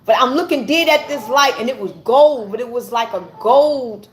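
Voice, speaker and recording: A woman giving an earnest personal testimony to camera, halting and often repeating her words as she searches for them. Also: fairly high pitch. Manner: earnest and intense. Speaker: vlogger.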